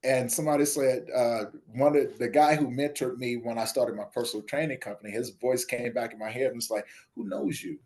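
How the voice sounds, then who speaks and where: A man's voice: a little fast, hardly any pauses. Man telling a story with vivid voices. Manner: animated storyteller, acts out dialogue with voice shifts; drops soft and low when quoting others. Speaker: podcast guest, nonprofit founder. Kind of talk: storytelling in a casual interview.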